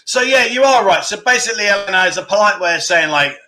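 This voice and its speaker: A man's voice: high-pitched, lively intonation, fast, pushed and bright. A man hosting a casual livestream chat, talking loosely and cutting himself off as he laughs at his own slips. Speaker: livestream host.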